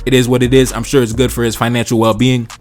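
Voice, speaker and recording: A man from Haiti hosts a reaction video in a blunt, profane manner. He talks quickly at a mid pitch and keeps punctuating his points with "bro" and "man". Faint music plays under his voice. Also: little pitch movement, a little mellow. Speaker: channel host reacting to tweets. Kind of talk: reaction commentary.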